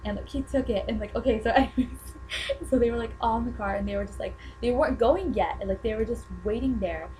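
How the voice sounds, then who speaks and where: A young woman vlogger telling an excited fan story to the camera, gushing and packing her talk with "like". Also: a little high, a little hiss or hum, rough recording. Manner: gushing, fast valley-girl chatter full of "like".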